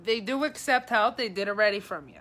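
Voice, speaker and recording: A woman psychic advisor leads a live-streamed reading, her tone bright and clear. Chatty and informal, she keeps addressing viewers by name while relaying messages. Her pitch is medium and she speaks a little fast.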